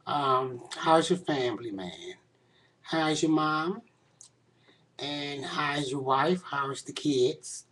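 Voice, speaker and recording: A man recording a casual video reply to another creator on a webcam microphone. He heaps praise on the other person over and over, and ends many phrases with "man.". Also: a little high. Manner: effusive, repetitive praise, often ending phrases with "man". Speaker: video blogger.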